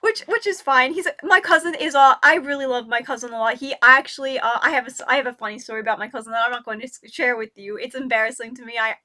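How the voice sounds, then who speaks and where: A young woman vlogger telling a personal story in a rambling, halting way, full of restarts and filler words. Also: high voice, bright, forceful tone.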